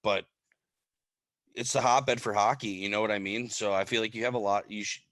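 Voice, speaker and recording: A man's voice: fairly low pitch, fairly even intonation, fairly quick, a bit bright, no room sound. A young man with a Wisconsin accent co-hosting a podcast and chatting casually, speaking in loose, easygoing sentences. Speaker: podcast co-host. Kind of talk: casual interview chat.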